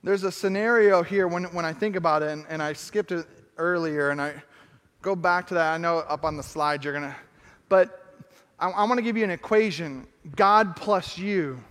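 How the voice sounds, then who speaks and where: A man with a high voice preaches to his church, building his points through repetition and slowing right down on the key lines. His voice rings with a long reverb from a large hall. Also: fairly bright tone, smooth. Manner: emphatic preaching with repeated phrases and slowed key lines. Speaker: pastor. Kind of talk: sermon.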